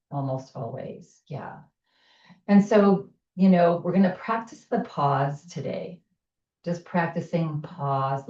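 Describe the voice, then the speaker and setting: A woman teaching chair yoga, giving gentle, soothing cues and guiding breathing. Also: sits low, reverberant, recorded from a distance, muffled recording. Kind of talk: guided chair yoga instruction.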